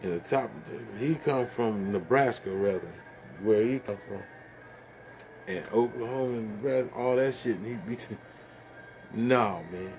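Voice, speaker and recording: A man's voice: fairly low pitch, normal speed, a little mellow, slight background noise. A man ranting casually to the camera, rambling and profane, stumbling over fillers and laughing at his own jokes.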